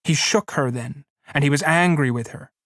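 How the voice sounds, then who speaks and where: A man's voice: fairly high pitch, normal speed, fairly bright tone, dry recording. Man reading a story, dry close sound. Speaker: narrator. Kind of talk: audiobook reading.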